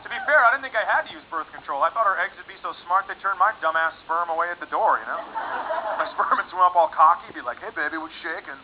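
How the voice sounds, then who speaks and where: A man doing a stand-up comedy set on a club stage, deadpan and sarcastic, switching into put-on voices for the people in his jokes. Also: sits high, quick pace, a little hiss or hum. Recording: lo-fi recording with loud audience laughter. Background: audience laughing.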